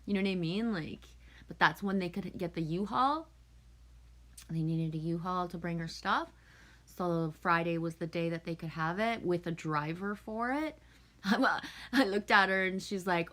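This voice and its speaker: A middle-aged Canadian woman hosts a livestream, chatting casually with viewers, telling stories, swearing freely and laughing often. Her voice is lowish and a bit bright, at a moderate pace.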